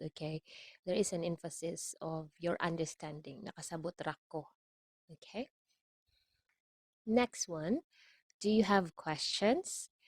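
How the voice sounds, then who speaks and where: A woman's voice: lowish voice, no echo. A woman teaching a language lesson, speaking patiently, repeating each phrase and checking in with "okay?" often. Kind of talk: slow explanatory lesson.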